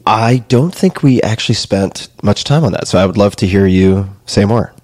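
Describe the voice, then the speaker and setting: A man's voice: on the low side, lively intonation, moderate pace, darkish tone. A man hosting a podcast, chatting casually and cutting in to ask for clarification. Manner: interjects, asks for clarification. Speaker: podcast host. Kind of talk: casual conversation.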